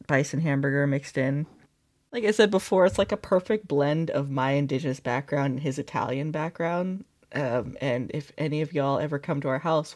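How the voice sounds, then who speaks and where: A woman vlogging in a casual, chatty way, expressive and quick to laugh, sounding upset and close to tears. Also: low-pitched. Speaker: beadwork vlogger. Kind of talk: casual vlog chat.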